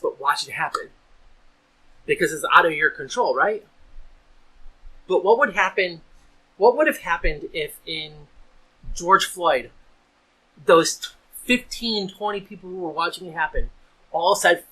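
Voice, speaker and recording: A man's voice: on the high side, animated, unhurried, long pauses, pushed and bright, husky, poor audio. A man talking earnestly in a casual podcast discussion, restarting and repeating words as he builds his point. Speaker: podcast host.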